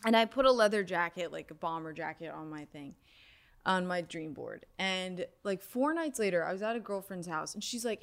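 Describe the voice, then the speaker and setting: A woman's voice: fairly low pitch, normal speed. Chatty young woman telling a story. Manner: animated storytelling with frequent "like". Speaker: guest, sound healer. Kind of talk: casual interview talk.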